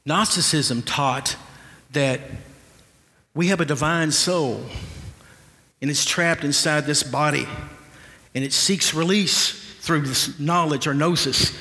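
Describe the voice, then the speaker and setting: A man's voice: a little high, slow pace, long pauses, sharp tone, in a large hall. A male pastor preaching an earnest, conversational sermon, often restarting his sentences.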